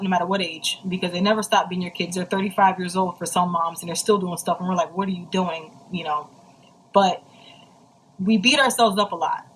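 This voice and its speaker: A woman's voice: mid-range voice, slight background noise, low-quality recording. A young woman speaking casually and earnestly to other mothers, telling a personal story with heartfelt, faith-filled encouragement. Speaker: mom sharing a personal story.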